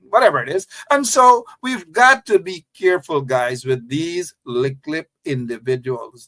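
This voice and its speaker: A man's voice: on the high side, a bit bright. A man giving opinionated political commentary, emphatic and repetitive, with a scornful edge.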